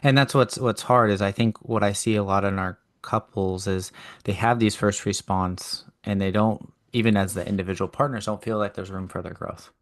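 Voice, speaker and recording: A man co-hosting a podcast, calmly explaining and reflecting with everyday examples in casual conversation. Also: fairly low pitch, moderate pace. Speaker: podcast co-host. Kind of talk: casual chat.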